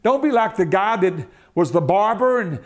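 Male preacher, high voice, fervent shouts and sudden hushed asides. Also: expressive, normal speed. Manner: swings from loud shouting to quiet low asides. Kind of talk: sermon.

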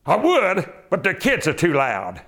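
High-voiced man preaching with fervor. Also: wildly swooping pitch, unhurried. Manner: swings from loud shouting to quiet low asides. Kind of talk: sermon.

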